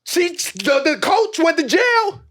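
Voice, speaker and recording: A man hosting a podcast, talking in a casual comedic chat with animated, profane, joking rants. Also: extremely high pitch, slow pace, crowd noise. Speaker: podcast host.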